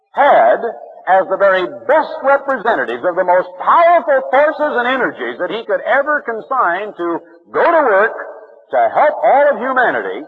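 A man's voice: sits high, very animated, moderate pace, husky. A man preaching an impassioned radio sermon, his voice swinging widely and rising in emphasis. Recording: muffled old radio broadcast.

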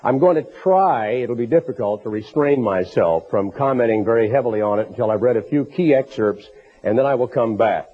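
A man with a hoarse, raspy voice from a bronchial illness, preaching earnestly in a recorded sermon for a tape program. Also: mid-range voice, expressive, fairly quick. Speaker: minister. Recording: tinny phone-like tape recording.

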